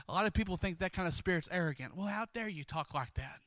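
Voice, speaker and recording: A man pastoring a congregation, exhorting quickly and praying with many repeated words. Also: sits high, animated, fairly bright tone, no room sound. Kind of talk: sermon and closing prayer.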